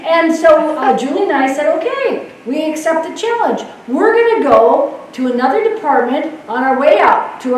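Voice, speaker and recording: A woman nurse giving a storytelling talk, lively and laughing, acting out voices. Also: sits high, distant mic, a little hiss or hum. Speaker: nurse speaker. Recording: echoey hall, mic heard from afar.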